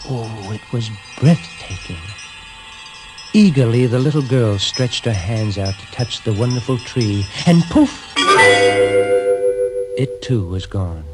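A man telling a fairy tale in a gentle, dramatic storytelling reading with hushed pauses. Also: on the low side. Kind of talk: scripted narration of a fairy tale. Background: music.

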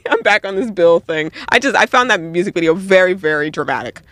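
A young man giving casual, animated commentary on music videos, laughing often and cutting himself off mid-sentence. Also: sits high, fairly quick, dry recording, clean studio sound.

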